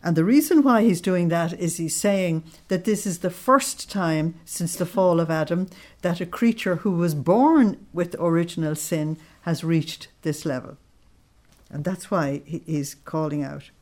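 A woman leads a devotional study, walking listeners through religious readings with a somewhat low voice. She explains each passage and pauses to check that everyone is following. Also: darkish tone. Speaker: religious teacher.

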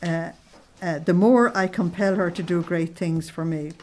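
An earnest woman teaching a religious study class, reading passages aloud and then explaining them. Her voice sits somewhat low, and she often checks in with her listeners through tag questions. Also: steady tone, a little slow, darkish tone. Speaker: spiritual study group leader.

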